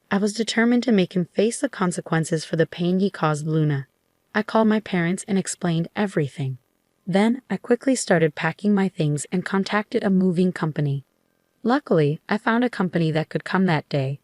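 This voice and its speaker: A woman telling a first-person story in an even, measured way. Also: lowish voice, no echo, clean studio sound.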